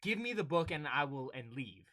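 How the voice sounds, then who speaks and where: Young male co-host, casual chat, animated storyteller, high and bright. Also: moderate pace. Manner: animated storytelling, acting out exchanges. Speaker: podcast co-host.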